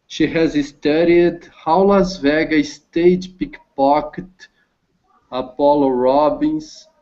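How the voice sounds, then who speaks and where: A man student reading a text aloud in an English lesson, slowly and hesitantly with many restarts. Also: fairly high pitch, warm tone. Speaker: language student. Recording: dull lo-fi call audio.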